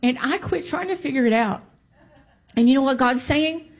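A woman with a somewhat high voice testifies before a church congregation. She talks emphatically and repeats her key phrases to drive them home. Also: normal speed. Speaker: church speaker giving testimony.

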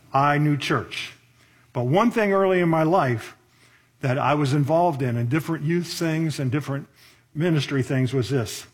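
Man, pastor, sermon, husky voice, fairly high pitch, conversational, rhetorical questions, slows for emphasis. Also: darkish tone.

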